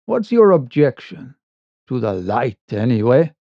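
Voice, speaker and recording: A man voicing a blunt, steady sailor on night watch, speaking low and gruff. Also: a little slow, no echo. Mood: wary. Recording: dull lo-fi recording.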